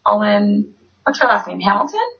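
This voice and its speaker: A woman's voice: medium pitch, very animated, moderate pace, creaky, muffled recording. A woman author chatting effusively and rambling as a guest in an online interview. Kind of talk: casual interview chat. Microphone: video call.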